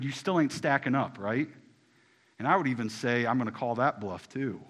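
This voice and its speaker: A man preaching a sermon in casual everyday phrasing, talking straight to the congregation and swinging from hushed, low lines to loud, rising ones. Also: moderate pace. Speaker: pastor.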